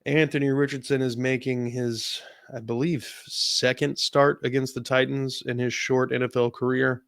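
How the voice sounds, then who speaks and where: A man co-hosting a sports podcast in a relaxed, chatty way, laughing easily as he goes through stats. His voice sits at an ordinary pitch. The recording is dry and close. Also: normal speed, creaky, no room sound. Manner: relaxed, laughs often, stats-heavy rundown. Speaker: podcast co-host. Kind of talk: casual sports chat.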